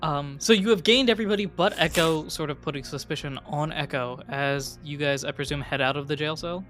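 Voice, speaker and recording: A man's voice: a little high, fairly quick, a bit bright, soft background music. Chuckling man narrating as game master.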